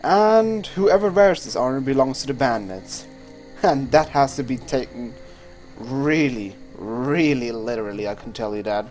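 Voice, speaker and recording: A man's voice: mid-range voice, lively intonation, a little slow, a little mellow. Man, young adult, let's play host, casual rambling commentary, swears a lot, faint game music behind. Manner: rambling and chatty, swears freely, trails off and restarts.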